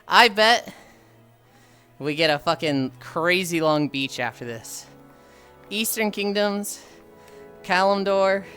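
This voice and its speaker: A man's voice: a little high, bright, forceful tone. A man streaming while walking, chatting casually, rambling with frequent sighs and casual swearing. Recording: faint music behind.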